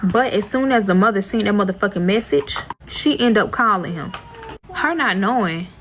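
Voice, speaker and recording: A woman's voice: mid-range voice, a bit bright, slight background noise, poor audio. A young woman telling a storytime in a profane, exasperated, dramatic way. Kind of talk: storytime vlog.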